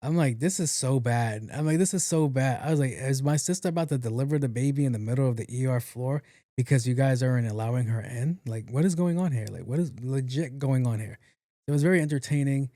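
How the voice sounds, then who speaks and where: A young man hosting a podcast, telling a story in a casual, profane, animated way and acting out the people in it. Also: medium pitch, fast, dry recording, studio quality. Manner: animated, profane, acts out quotes. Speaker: podcast host.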